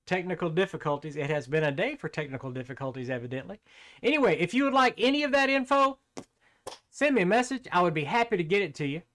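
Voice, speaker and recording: A man's voice: high voice, fairly bright tone. Folksy, rambling male tech-tips host. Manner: folksy, rambling, joke-telling, apologetic. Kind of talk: casual talking-head vlog.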